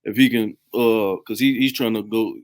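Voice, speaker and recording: A man's voice: lowish voice, fairly even intonation, moderate pace, darkish tone. Hesitant man on a podcast. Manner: hesitant, filler-heavy. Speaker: podcast co-host. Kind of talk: casual opinion chat.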